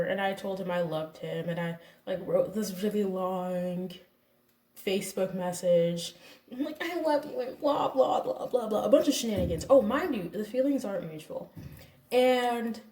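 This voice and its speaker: Chatty YouTuber in her twenties, self-deprecating, mellow tone, recorded a bit far off in an echoey room. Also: mid-range voice. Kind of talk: casual confessional story time.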